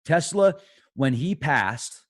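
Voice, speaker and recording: Guy from the states rambling on his conspiracy show, gets loud then goes quiet, mid-pitched voice. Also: takes it slowly. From United States. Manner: excitable, swings loud and soft, trails off. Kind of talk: rambling casual monologue.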